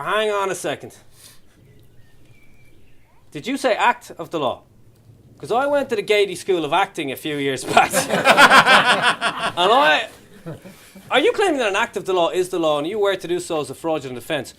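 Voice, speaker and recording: A man's voice: high voice, big pitch swings, normal speed, long pauses, bright, forceful tone. A young man doing stand-up, telling a story and acting out the voices in it. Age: young adult. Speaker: stand-up comedian. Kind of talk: stand-up comedy to a young audience. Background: audience laughter.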